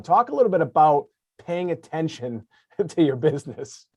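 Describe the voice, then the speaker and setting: A man's voice: on the high side, expressive, fast, no room sound, clean studio sound. A man in his forties hosting a podcast interview, thinking aloud with frequent restarts. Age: 40s. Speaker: podcast host. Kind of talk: conversational interview.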